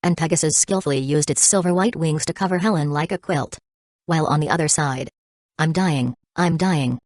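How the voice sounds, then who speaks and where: Low-voiced woman reading an audiobook. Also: brisk, a little mellow, dry recording, clean studio sound. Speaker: audiobook narrator. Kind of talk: audiobook narration.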